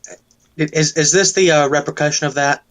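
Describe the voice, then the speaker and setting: A man's voice: on the high side, fairly even intonation, fairly quick, a bit bright, a little hiss or hum. Inquisitive man at a tabletop game. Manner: inquisitive, prodding with questions. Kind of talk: in-character questioning.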